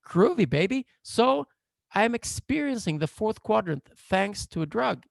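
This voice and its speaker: A man coaching a workshop over a video call, explaining in a playful, animated, joking way. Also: high voice, measured pace, vocal fry, dry recording, clean studio sound. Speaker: coach and therapist. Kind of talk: online workshop lecture.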